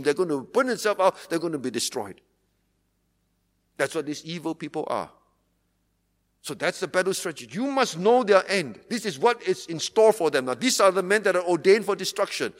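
High-voiced preacher in a reverberant hall. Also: male voice, big pitch swings, moderate pace, a bit bright. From Singapore. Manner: earnest preaching with emphatic repetition. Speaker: pastor. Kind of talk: sermon.

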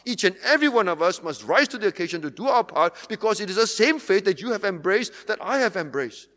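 A man preaching from the pulpit, his voice pitched high for a man. He drives his points home through earnest repetition. The words ring out with a long reverb through a church hall. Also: animated, a little fast, few pauses, a bit bright. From Singapore. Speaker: pastor. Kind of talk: sermon.

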